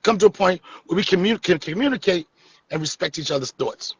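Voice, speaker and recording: A man's voice: sits high, expressive, fairly quick, husky, lo-fi sound. A man hosting a live stream, joking and teasing his guests in casual, profane comedic chat.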